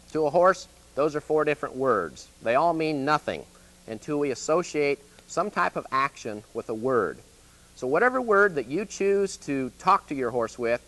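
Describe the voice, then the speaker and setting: A man's voice: mid-range voice, fairly bright tone. A man with a Midwestern US accent, an extension educator giving a plain-spoken, folksy horse training lesson, often checking in with "okay?".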